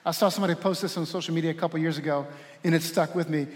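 High-voiced preacher in a reverberant hall. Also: male voice, fairly even intonation, rapid-fire, darkish tone. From Louisiana. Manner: preacherly, calls out to the congregation. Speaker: pastor. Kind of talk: sermon. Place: church sanctuary.

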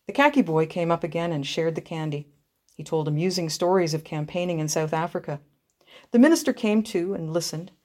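A woman reads a story aloud in a measured, expressive way. Her voice sits on the low side for a woman. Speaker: narrator.

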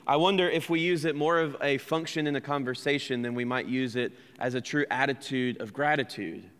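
A man's voice: mid-range voice, a bit bright, smooth, in a large hall. An American man preaching a sermon as pastor, earnest and conversational, asking his listeners questions and poking fun at himself. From United States. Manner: earnest, conversational preaching with rhetorical questions and self-deprecating asides. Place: church sanctuary.

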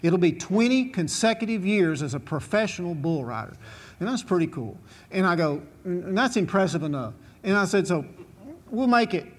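A man's voice: sits high, sing-song, normal speed. A man, a former bull rider telling a long folksy story to an audience, drawling and chuckling as he goes. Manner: drawling, chuckling, repetitive restarts.

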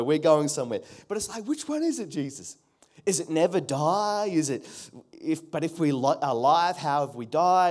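A man's voice: on the high side, darkish tone. A pastor preaching a sermon earnestly, asking his congregation rhetorical questions and calling for their response.

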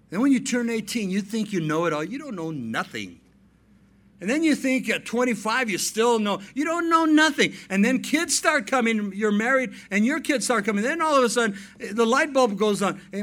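A man in his fifties preaches with a high-pitched voice. He tells family stories, drops softly into asides, then lifts his voice into emphatic points for the congregation. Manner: storytelling preacher, swings between soft asides and emphatic raised points. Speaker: pastor. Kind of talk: sermon.

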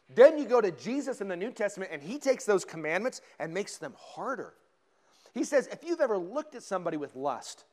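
A male pastor from giving a conversational sermon in a church, with humorous asides to the congregation. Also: high-pitched. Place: church sanctuary.

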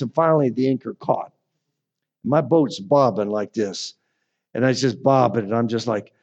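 A male pastor preaching and telling stories with sudden loud bursts and quiet drops. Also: mid-range voice. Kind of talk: sermon. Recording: dull lo-fi recording.

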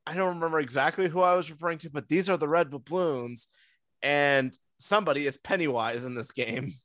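A man's voice: a little high, fairly quick, fairly bright tone, no echo. A man making a long, step-by-step point in a casual podcast discussion. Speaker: podcast co-host. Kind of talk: casual chat.

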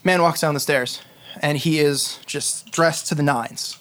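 A man narrating a tabletop game as game master, descriptive and unhurried, with many fillers. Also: a little high, steady tone, a bit bright.

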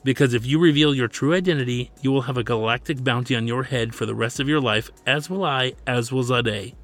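A man's voice: mid-range voice, fairly quick, fairly bright tone, close to an everyday voice. A man voicing a stern, formal male manager and loyal servant, speaking insistently.

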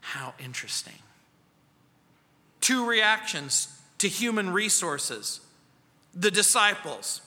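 Slow-preaching man with a bright voice. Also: high voice, sing-song. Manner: acts out quoted voices, drops to soft quiet lines. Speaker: pastor. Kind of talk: expository sermon. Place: church sanctuary. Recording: long church reverb.

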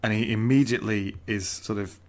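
A man's voice: fairly low pitch, steady tone, brisk. A young man co-hosting a casual podcast chat about a book, laughing often and hesitating with fillers. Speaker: podcast co-host.

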